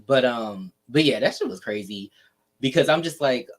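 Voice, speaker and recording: A man's voice: mid-range voice, moderate pace. A man co-hosting a casual reaction video, laughing often and acting out what people said. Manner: animated, laughs often, acts out quotes. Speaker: reaction channel co-host.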